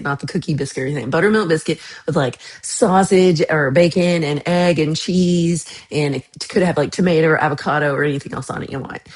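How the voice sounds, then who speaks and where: Chatty American woman hosting a livestream. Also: on the low side. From United States. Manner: chatty, laughs often, trails off into mumbles. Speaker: livestream host. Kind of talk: casual livestream chat reading comments.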